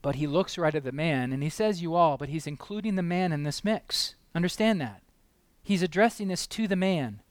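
A male preacher with a high, smooth, resonant voice delivers a fervent sermon. He keeps asking his congregation questions and acts out the people in his story. His voice swings from loud, emphatic peaks to hushed asides, recorded dry and close. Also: lively intonation, moderate pace, dry recording. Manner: impassioned, rising to loud emphatic peaks and dropping to quiet asides; asks the listeners many rhetorical questions.

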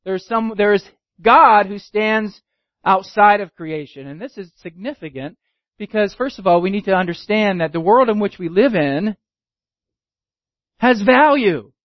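A man's voice: high voice, a little slow, no echo, lo-fi sound. A man preaching a teaching sermon, emphatic and repeating key phrases for his listeners. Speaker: pastor.

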